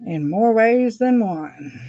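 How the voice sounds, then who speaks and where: A woman's voice: on the high side, lively intonation, takes it slowly, dark tone, dry recording. A middle-aged woman, chatting casually and rambling with frequent laughs while doing her nails for a vlog. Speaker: beauty vlogger. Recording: dull dry lo-fi sound.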